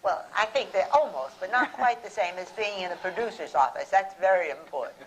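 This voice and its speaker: A woman's voice: mid-range voice, lively intonation, brisk, slight background noise, low-quality recording. A woman on a theatre panel firmly qualifying another speaker's advice. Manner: firm, qualifying. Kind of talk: panel talk.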